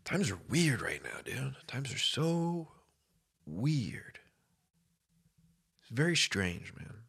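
A man's voice: medium pitch, sing-song, takes it slowly, vocal fry, a bit bright, husky. A man with a cold, chatting casually to camera in a rambling, slangy way, full of "dude" and "bro". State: has a cold, voice deeper than usual.

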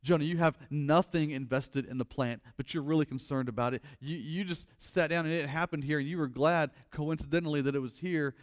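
A man delivering a sermon in a fairly high-pitched voice. He reads scripture aloud and explains it, sometimes building to loud, emphatic peaks and sometimes dropping to a soft, reflective tone. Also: a little fast, hardly any pauses. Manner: expressive, swings between loud emphatic passages and quiet reflective ones. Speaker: pastor.

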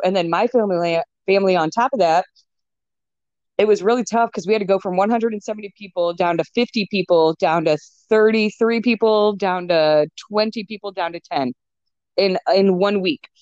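A young woman talking in a casual chat as a guest, chatty and quick to laugh, on a dull lo-fi recording. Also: medium pitch, a little mellow, no room sound. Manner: chatty, laughs often, many fillers. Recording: dull lo-fi sound.

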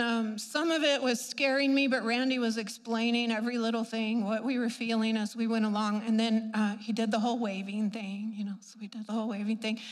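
High-voiced woman telling a lively testimony. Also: big-room sound. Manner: lively storytelling, acting out her own reactions, laughing often. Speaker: speaker sharing a healing testimony. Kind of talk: animated personal testimony.

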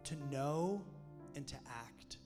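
A man's voice: on the high side, lively intonation, takes it slowly. Man preaching, joking asides, sermon, echoing hall, music playing underneath. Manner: conversational and joking, with emphatic points. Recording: long hall reverb with music behind.

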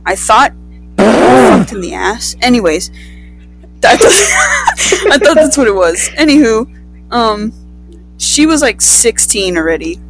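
A teenage girl telling a story in casual chat, rambling and swearing, with quick asides. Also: a little high, wildly swooping pitch, faint music behind, rough recording. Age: teens.

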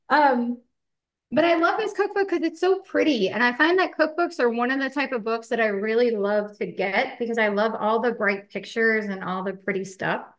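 Woman podcast co-host, slightly high, rambling and giggly, roomy kitchen sound. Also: normal speed. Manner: chatty, many fillers, laughs often. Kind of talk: casual chat while baking.

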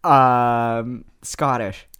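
A woman co-hosting a podcast in casual chat, dry and teasing with a deadpan delivery. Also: rumbling low, very slow, clear, resonant tone, dry recording. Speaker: podcast co-host.

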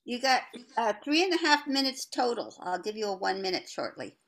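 A woman's voice: fairly high pitch, big pitch swings, fairly quick, fairly bright tone. A woman acting as timekeeper at a meeting, brief and matter-of-fact.

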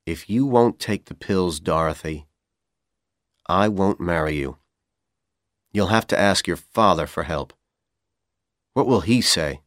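A man with a Persian accent voicing a manipulative young man who coaxes and pressures in a calm, persuasive tone. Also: low voice, slow, long pauses, no echo, studio quality, exaggerated voice. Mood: cold. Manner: coaxing, then coldly insistent.

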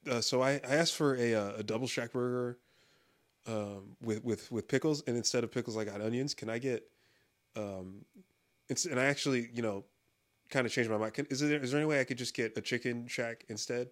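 A timid, stammering customer fumbles through a burger order, trailing off into ums and false starts, as a man puts him on. The voice sits a little low and soft, never committing to a sentence. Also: brisk, lightly acted. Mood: hesitant. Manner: mumbling, stammering, full of ums. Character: hesitant young man ordering fast food.

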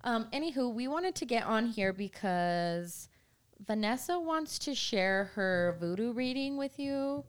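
A young woman co-hosting a casual podcast chat, telling stories in an animated, giggly way with lots of "like". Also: fairly high pitch, unhurried, clear, resonant tone. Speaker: podcast co-host.

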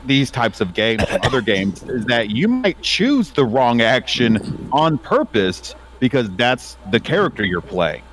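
Man, casual chat, earnest, explanatory, very expressive swooping pitch. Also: unhurried.

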